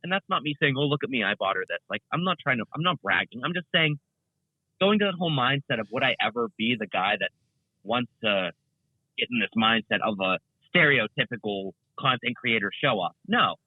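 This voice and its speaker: Over a tinny, phone-like remote line with no room sound, a young guest content creator talks casually in an interview. His medium-pitched male voice is brisk and expressive, and he rambles with lots of fillers and restarts.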